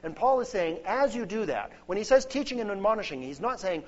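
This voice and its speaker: A man's voice: high-pitched, very animated, a little fast, few pauses, a little mellow. A man preaching a sermon, earnest and emphatic, building points through lists. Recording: dull lo-fi sound.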